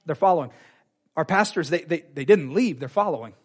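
Fervent preacher, high voice. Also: male voice, fairly quick. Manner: animated preaching, acts out quoted voices, repeats phrases. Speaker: pastor. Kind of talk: sermon. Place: church sanctuary.

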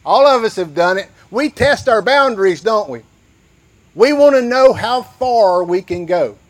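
Slow-talking older preacher man. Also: sits high, animated. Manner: folksy, conversational preaching with acted-out quotes; slow and drawn out. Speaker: pastor. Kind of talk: sermon.

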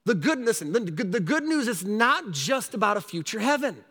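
A man preaching a sermon, animated, with rising shouts and repeated calls to his listeners. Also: high-pitched, moderate pace, in a large hall. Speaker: pastor.

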